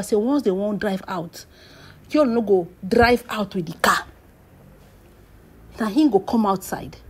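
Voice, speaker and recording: A woman's voice: mid-range voice, darkish tone, slightly rough. A woman with a Nigerian Pidgin English accent telling celebrity gossip as a dramatic story, stretching out phrases, dropping into whispered asides and bursting into exclamations.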